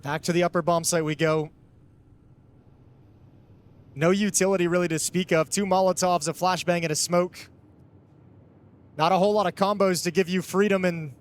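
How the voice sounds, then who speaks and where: A man giving live esports color commentary, analytical and conversational, often restarting his sentences. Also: sits high.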